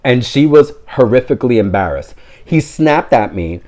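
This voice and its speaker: A man's voice: medium pitch, big pitch swings, normal speed, darkish tone. A man telling a story in a casual vlog, rambling and breaking off into tangents he apologizes for. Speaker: vlogger.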